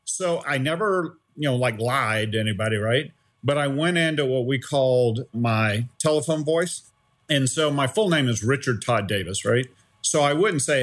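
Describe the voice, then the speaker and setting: Speaking at a normal pace and medium pitch, a middle-aged man who was once a startup CEO shares a story in a chatty, energetic interview. He keeps asking "right?" as he goes.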